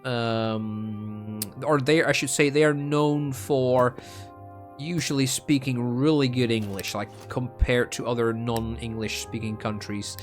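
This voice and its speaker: Brief: young male gaming streamer with a Dutch accent, mid-pitched, loose rambly rant, lots of ums and restarts. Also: steady tone, slow pace, faint music behind. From Netherlands. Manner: rambling and self-mocking, with frequent ums and restarts. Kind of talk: casual rambling chat while gaming.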